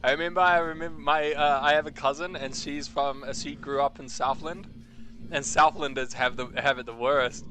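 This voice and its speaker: Bright-voiced chatty streamer man. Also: on the high side, fairly even intonation, normal speed. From New Zealand. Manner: rambling, slangy and swearing, calls chat bro. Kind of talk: casual game stream chat.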